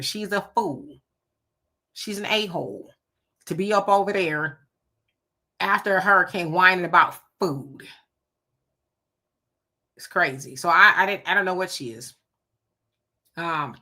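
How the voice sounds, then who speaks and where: Southern california woman doing a live chat, reads comments, sassy and lively, kinda bright sharp voice. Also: on the low side. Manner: animated, sassy, reacts with laughs and asides. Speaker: livestream host reading viewer comments. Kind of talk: casual live-stream chat.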